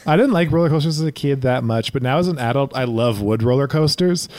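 A man's voice: mid-range voice, fast, darkish tone, no room sound. A man co-hosting a podcast, chatting playfully and laughing often. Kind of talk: casual chat.

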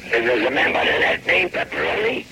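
A man on a phone call who swears nonstop and shouts threats, gravelly and furious. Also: mid-range voice, big pitch swings, moderate pace. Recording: noisy old phone tape.

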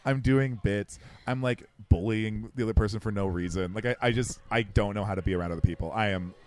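A young adult man co-hosting a podcast, talking through a film in rambling, self-deprecating casual commentary, quick and slurred, restarting his sentences. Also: lowish voice, a little mellow. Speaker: podcast co-host. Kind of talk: casual movie-watching commentary.

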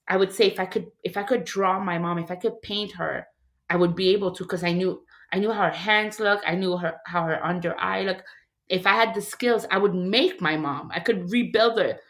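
A woman's voice: mid-range voice, a bit bright. Woman sharing grief in candid talk. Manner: emotional, reflective, many "like" fillers. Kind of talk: candid casual conversation.

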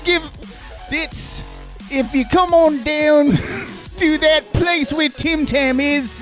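A man putting on a put-on Australian accent to voice a hammy male snack pitchman in a loud, singsong sales pitch. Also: slow, faint music behind, heavily acted.

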